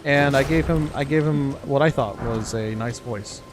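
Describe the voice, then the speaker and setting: A man's voice: mid-range voice, moderate pace, poor audio. A young man chatting over a video game, telling rambling stories with stammers and laughs. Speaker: co-host of a gaming channel. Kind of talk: casual gameplay commentary chat.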